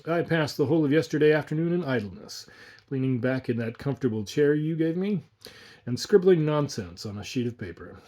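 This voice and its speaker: A man's voice: a little high, expressive, brisk, mellow, lightly acted. A man voicing a studious, overworked young brother who dismisses worry in a reassuring, offhand way.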